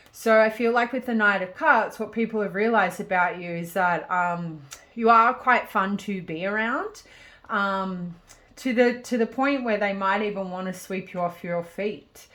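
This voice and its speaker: A woman's voice: medium pitch, a bit bright. Chatty woman giving a tarot reading. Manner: chatty and rambling, with many fillers and restarts. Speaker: tarot reader. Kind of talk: casual pick-a-card tarot reading.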